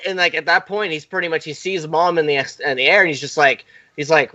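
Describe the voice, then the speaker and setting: A man's voice: fairly high pitch, fairly even intonation, fast, sharp tone, no echo, highs cut off. A man co-hosting a podcast, rambling casually and profanely as he recounts horror film scenes. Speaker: podcast co-host.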